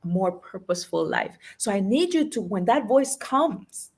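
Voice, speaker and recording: A woman's voice: mid-range voice, expressive, a little slow, a little mellow, slightly rough. A woman life and business coach giving a motivational talk, emphatic, repeating key phrases and asking her audience questions.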